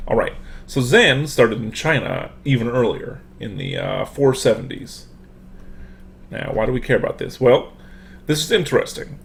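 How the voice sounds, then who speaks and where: A man's voice: mid-range voice, animated, moderate pace, vocal fry. A man, a professor, giving a casual online lecture through a computer microphone, full of fillers and restarts.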